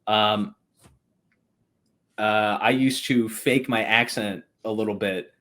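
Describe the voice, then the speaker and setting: Laid-back young man with a low voice. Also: steady tone, takes it slowly, pushed and bright, slight background noise. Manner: rambling, swears often, laughs mid-sentence. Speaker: podcast guest. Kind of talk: casual storytelling chat.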